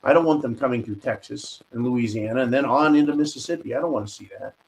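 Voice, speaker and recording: A man's voice: medium pitch, quick pace, gravelly, poor audio. Indignant man hosting a commentary show. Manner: indignant, sarcastic, ranting. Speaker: host.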